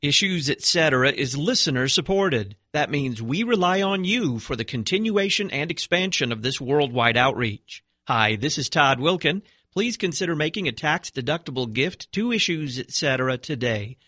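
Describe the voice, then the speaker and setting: A man hosting a radio talk show, reading announcements and introducing his guest in a smooth, practiced delivery. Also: fairly high pitch, lively intonation, normal speed, few pauses, sharp tone, dry recording, clean studio sound.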